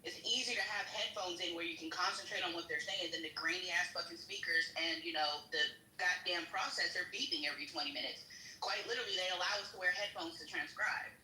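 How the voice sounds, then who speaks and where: A young woman on a live-stream panel, telling a story in an animated, casual way with some swearing. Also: fairly low pitch, fast talker, echoey room, slight background noise, rough recording. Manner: animated, swearing, quotes others in raised voices.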